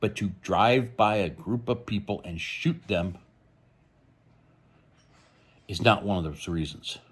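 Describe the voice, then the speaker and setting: Deep, husky-voiced man, blunt. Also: slow. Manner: rambling, blunt, opinionated. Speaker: true crime channel host. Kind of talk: opinionated casual commentary.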